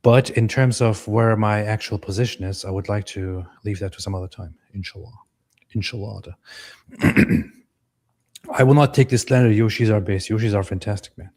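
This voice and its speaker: A man from Turkey co-hosting a livestream, reading viewer comments aloud in a relaxed, chatty way. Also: fairly low pitch, brisk. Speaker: co-host reading chat. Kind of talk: casual livestream chat.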